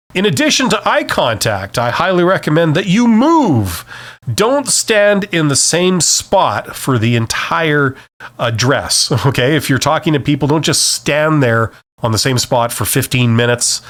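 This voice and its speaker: Animated man, solo advice podcast. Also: mid-range voice. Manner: animated, says "okay?" after most points; varies volume and speed to demonstrate. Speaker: podcast host. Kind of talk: unscripted solo advice talk.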